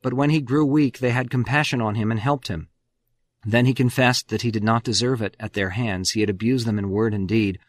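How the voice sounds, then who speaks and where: A man's voice: medium pitch, steady tone, brisk, no echo. A man tells a history story on the radio with a mid-range voice recorded dry and close in a studio. He is an emphatic storyteller whose volume swells on important words. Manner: emphatic storyteller, swings loud on key words. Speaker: radio host.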